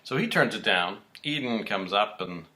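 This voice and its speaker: A man co-hosting a podcast, casually recapping soap-opera episodes in an animated storytelling way and acting out the characters' lines. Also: lowish voice, moderate pace. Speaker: podcast co-host.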